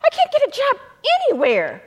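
A woman's voice: high-pitched, big pitch swings, normal speed. A woman retelling the pleading words of a distraught young man, a former felon. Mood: emotional.

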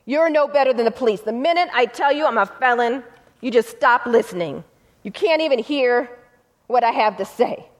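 A woman's voice: a little high, expressive, moderate pace, lightly acted. A woman retelling the pleading words of a distraught young man, a former felon. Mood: angry.

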